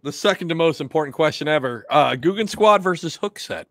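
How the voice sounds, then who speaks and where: A man hosting a podcast, asking quick questions and teasing his guest with a lot of laughing. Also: a little high, animated, a little hiss or hum. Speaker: podcast host. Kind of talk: casual chat.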